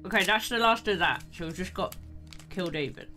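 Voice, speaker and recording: A woman streaming a game, chatting casually with soft asides and bursts of excitement for viewers. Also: fairly low pitch, a little fast. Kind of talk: casual live-stream chat. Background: game music.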